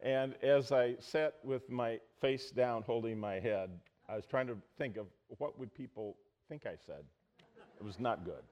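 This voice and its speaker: A man's voice: mid-range voice, measured pace. Storytelling man preaching a sermon. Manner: storytelling, animated, acts out quotes loudly. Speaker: pastor.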